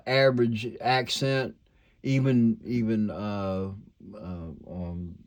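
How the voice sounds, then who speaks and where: A man's voice: fairly low pitch, darkish tone. Rambling older man with a slight twang. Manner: rambling, many fillers and restarts. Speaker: toy collector vlogger. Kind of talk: casual rambling monologue.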